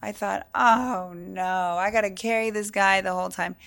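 This is a middle-aged woman from California, co-hosting a podcast in relaxed conversation. She is an animated storyteller whose voice sits at an ordinary middle pitch, and she acts out the people she quotes. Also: normal speed, gravelly. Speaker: podcast co-host. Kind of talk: casual chat.

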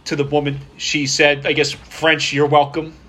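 Bright-voiced, easygoing podcast man. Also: a little high, monotone, moderate pace. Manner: easygoing, teasing. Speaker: podcast co-host. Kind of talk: casual chat.

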